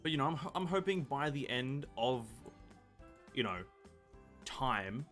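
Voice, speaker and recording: A man's voice: mid-range voice, animated, unhurried, a bit bright, faint music behind. A man streaming a video game, rambling casually with self-mocking asides, swearing freely and tripping over words as he reads game text aloud. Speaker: gaming streamer. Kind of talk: casual live-stream chat.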